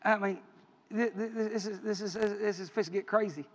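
A man preaching a sermon, telling stories with passion and swinging between loud and hushed delivery. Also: sits high, fairly even intonation, fairly quick. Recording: echoey hall, dull lo-fi sound.

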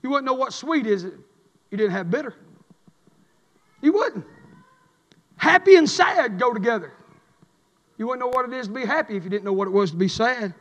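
A man preaching a fiery sermon, chanting and swinging between shouted lines and a low drawl. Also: animated, moderate pace, pauses often. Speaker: pastor. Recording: echoey church hall.

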